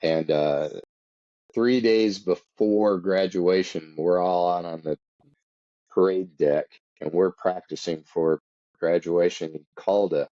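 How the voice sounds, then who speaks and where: A man with a very low, dark voice talks in a relaxed, matter-of-fact way. He is a former Marine hosting a casual chat. The recording sounds a little dull and muffled. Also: slow pace, dry recording. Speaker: podcast host and former Marine.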